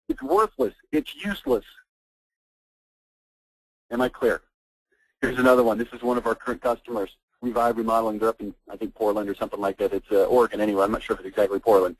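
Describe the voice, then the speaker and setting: A man giving a fired-up, blunt sales pitch as host of a marketing webinar on an online call. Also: fairly bright tone, breathy edge, no echo, rough recording. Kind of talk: persuasive sales presentation.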